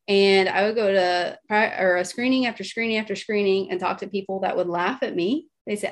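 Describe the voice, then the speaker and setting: A woman in her thirties from Texas presents slides in a chatty, personal way, checking in with her listeners again and again. Her voice sits at a middle pitch for a woman. She speaks as an animal chiropractor coaching others and at times turns emotional. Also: normal speed, hardly any pauses. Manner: chatty, keeps asking "right?", emotional in places.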